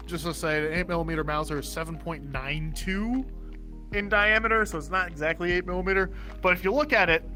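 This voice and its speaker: A young man on a casual podcast, telling a story in an animated way, swearing freely and laughing at himself. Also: on the high side. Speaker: podcast co-host. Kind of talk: casual chat.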